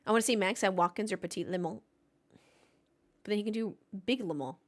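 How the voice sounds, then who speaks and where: A woman's voice: medium pitch, a little fast. A woman hosting a live race watchalong, joking casually and chatting with her viewers. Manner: playful, jokey, chatty with her live chat. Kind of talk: casual live-stream chat.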